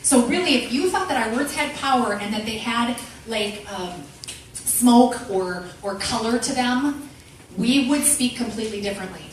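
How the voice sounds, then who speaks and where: A woman giving an animated motivational talk to a women's group, acting out the people she quotes. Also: fairly high pitch, moderate pace. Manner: animated, acts out quoted voices. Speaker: motivational speaker. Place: meeting room with an audience. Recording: echoey room from far off, faint noise.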